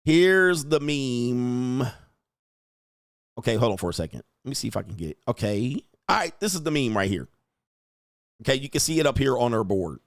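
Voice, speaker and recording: A man's voice: mid-range voice, sing-song, moderate pace, vocal fry, no room sound. Middle-aged guy riffing crude slang over clips, dead dry sound. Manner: brash, crude slang, laughs often. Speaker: host. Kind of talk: casual commentary reacting to clips.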